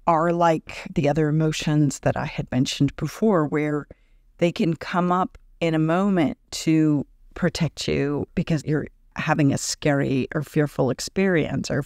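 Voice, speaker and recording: A woman talking casually on her podcast as an energy healer, animated and laughing often, acting out quoted thoughts in a higher voice. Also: dry recording, studio quality. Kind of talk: casual spoken podcast monologue.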